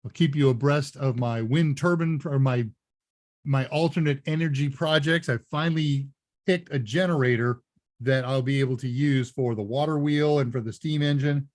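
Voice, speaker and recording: A man's voice: mid-range voice, normal speed, darkish tone. A middle-aged man hosting a live Q&A stream, chatting casually, rambling and correcting himself, laughing now and then. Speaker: live Q&A show host.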